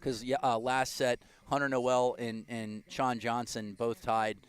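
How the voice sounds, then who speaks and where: A man doing live play-by-play with a smooth, resonant voice. He talks in a relaxed, chatty way and often trips over and restarts his phrases. He sits at a mid pitch. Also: a little slow. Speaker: play-by-play commentator. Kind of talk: live sports commentary.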